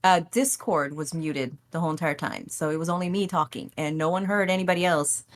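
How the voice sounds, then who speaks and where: On a podcast, a woman guest tells stories about streaming in a casual, animated interview chat. Her voice is low-pitched and brisk, and she acts out her own reactions and laughs often.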